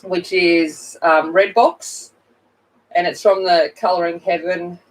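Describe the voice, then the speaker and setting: A woman's voice: lowish voice, fairly even intonation, slow pace, recorded from a distance, rough recording. A middle-aged woman chatting casually while she colors on a livestream, greeting viewers by name and laughing at herself. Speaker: coloring channel host.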